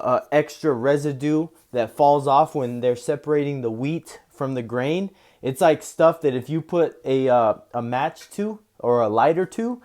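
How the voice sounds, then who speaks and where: A male preacher works through scripture line by line. He gives the verses slow, deliberate weight. His commentary is relaxed and conversational, sprinkled with "you know" and "man.". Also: mid-range voice. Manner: slow solemn reading, then loose casual talk with frequent "you know" and "man".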